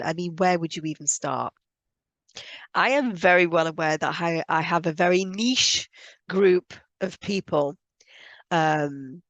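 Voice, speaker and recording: Earnest woman healer, low dry voice. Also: no echo. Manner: earnest, emphatic, repeats points for stress. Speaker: spiritual healer teaching on energy. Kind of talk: explanatory video monologue.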